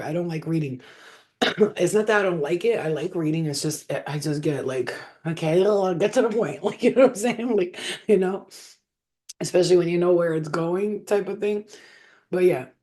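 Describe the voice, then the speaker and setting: A woman's voice: fairly low pitch, normal speed, dark tone. A woman hosting a casual livestream as a spiritual healer, rambling, swearing freely and laughing often.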